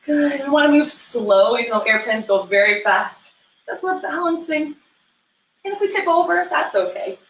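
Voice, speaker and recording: A young woman gently coaching young children through a yoga class, step by step and playful. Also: sits high, expressive, normal speed. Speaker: kids yoga instructor. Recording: roomy echo.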